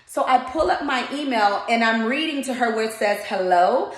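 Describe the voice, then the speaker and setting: A woman's voice: on the high side, expressive, moderate pace. Indignant woman venting, echoey room. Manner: indignant, retells dialogue in quoted voices. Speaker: vlogger, mobile candle vendor. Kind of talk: casual storytime rant to camera.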